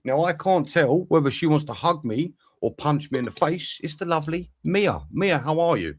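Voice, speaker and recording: A man hosts a casual live football show, cursing freely as he talks. His voice leaps around with lively, animated intonation, excitable and easily exasperated. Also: a little high, normal speed. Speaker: podcast host.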